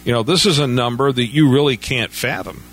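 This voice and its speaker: A man's voice: mid-range voice, fairly quick, a bit bright. A man speaking as a guest on a radio talk show, telling stories conversationally with stammered starts and frequent "you know".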